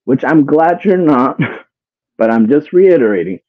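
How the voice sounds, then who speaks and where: A fairly high-pitched man talks slowly and deliberately, exasperated, pressing his viewers with rhetorical questions and repeating himself. The sound is tinny and phone-like, with a dry, close feel and no room around it. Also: animated, no echo. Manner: swears, repeats phrases. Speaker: commentary streamer. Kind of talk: casual commentary to a live chat.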